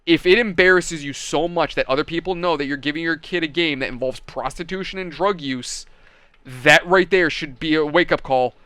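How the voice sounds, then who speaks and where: A man's voice: a little high, moderate pace, bright, forceful tone, smooth, no echo. A man hosting a casual gaming and hobby channel, telling stories and giving opinions in a blunt, profane, mocking way. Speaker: channel host.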